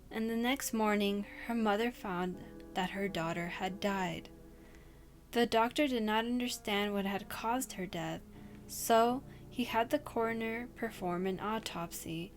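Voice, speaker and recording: A woman hosting a casual read-aloud storytime, with blunt, chatty asides that include swearing. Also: medium pitch. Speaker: channel host. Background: faint music and noise from outside.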